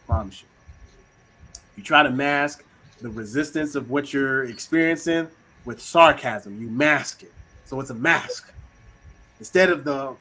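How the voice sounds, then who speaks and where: A man hosting a casual talk on communication styles, slangy and animated, acting out little quoted voices. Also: medium pitch, moderate pace, slight background noise, rough recording. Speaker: host.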